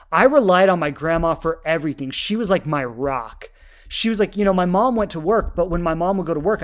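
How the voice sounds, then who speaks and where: A woman in her thirties, a love coach, telling a personal story in an earnest, heartfelt way, full of fillers and restarts. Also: lowish voice. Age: 30s.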